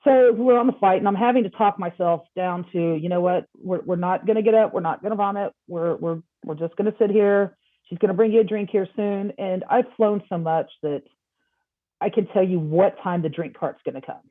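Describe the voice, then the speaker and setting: A woman speaks over a thin, phone-like line, her voice sitting in an ordinary middle register for her sex. She tells a long personal story in a lively, conversational way and slips into the voices of the people she quotes. The sound is tinny and narrow, the way a remote call sounds. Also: mid-range voice, brisk, no echo. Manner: animated, acts out quoted dialogue. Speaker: podcast guest.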